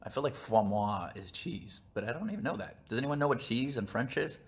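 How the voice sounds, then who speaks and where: A man's voice: medium pitch, animated, a little fast. A man hosting a casual live stream, chatting in a goofy, rambling, self-mocking way while eating breakfast, recorded on a phone. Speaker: channel host.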